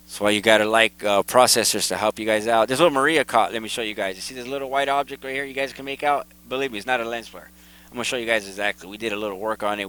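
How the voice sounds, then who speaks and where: A man hosting his own video, casually and excitedly talking viewers through photos and repeating himself as he points things out. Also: lowish voice, low-quality recording. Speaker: video host. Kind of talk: casual commentary over photos.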